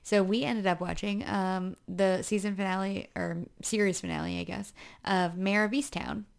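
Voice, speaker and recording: A young woman co-hosts a podcast in casual chat, tired and chatty, with plenty of fillers and giggles. Her voice sits at an ordinary middle pitch for a woman. The delivery is loose and friendly. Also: steady tone, moderate pace, gravelly. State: overtired. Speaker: podcast co-host.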